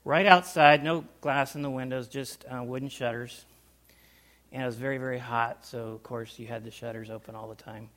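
A man telling a personal story to a small group, animated, with loudness swinging up and down and sounds acted out. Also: medium pitch, moderate pace. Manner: animated, loudness rising and falling, acts out sounds. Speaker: speaker recounting life overseas.

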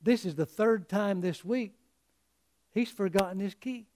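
An exasperated dog owner with a fairly high voice, scolding at an unhurried pace, as a preacher puts him on. It is an everyday voice, close to the teller's own. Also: male voice, a little mellow, a little hiss or hum. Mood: deadpan.

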